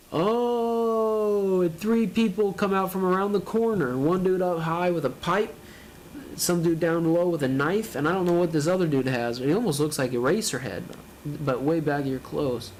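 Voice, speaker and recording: Male reaction host, slightly high voice, casual panel-by-panel narration, frequent laughs. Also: slight background noise. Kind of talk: live reading and reaction.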